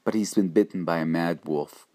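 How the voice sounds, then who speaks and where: A man doing a gentle grieving mother. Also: low voice, normal speed, lightly acted. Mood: quiet sorrow. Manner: quiet and soft.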